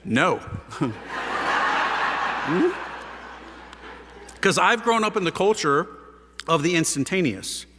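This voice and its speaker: Animated man preaching in a reverberant hall. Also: high voice, takes it slowly, pauses often, slight background noise. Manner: lively storyteller, casual slang, rhetorical questions. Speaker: priest giving a conversion testimony. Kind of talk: animated testimony talk to an audience. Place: large hall with a live audience.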